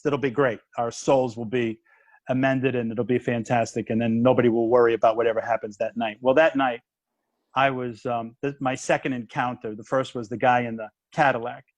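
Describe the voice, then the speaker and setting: A man in his fifties, a comedian turned minister, telling a story in a casual chat with quick restarts and acted-out dialogue. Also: mid-range voice, no room sound.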